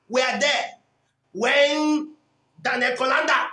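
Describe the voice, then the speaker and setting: A man preaching a sermon with great passion, often shouting and repeating lines. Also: extremely high pitch, expressive, a little slow, long pauses. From Nigeria. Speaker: pastor. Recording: echoey hall.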